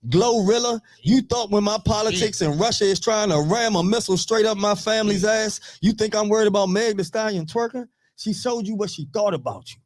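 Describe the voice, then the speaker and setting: A man in his thirties on a radio talk show, telling profane, animated stories in casual chat. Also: high-pitched, fairly quick, few pauses.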